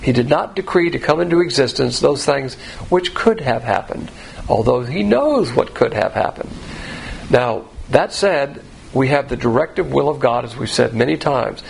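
A man giving an expository Bible sermon in a plain, conversational teaching tone, rising sharply in pitch to stress key points. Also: expressive, normal speed, creaky, a little hiss or hum, rough recording.

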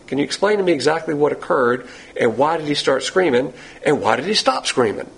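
A male preacher with a gravelly, husky voice that sits a little high for a man. He teaches in a blunt, emphatic way, asking rhetorical questions and knocking down the answers. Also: animated, a little fast, a bit bright, low-quality recording. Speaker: pastor teacher. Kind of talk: sermon.

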